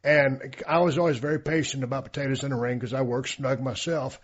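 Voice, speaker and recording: A man hosting a podcast, telling a story in a relaxed, drawling way with frequent fillers. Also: medium pitch, fairly quick, breathy edge, dull audio. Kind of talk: casual chat.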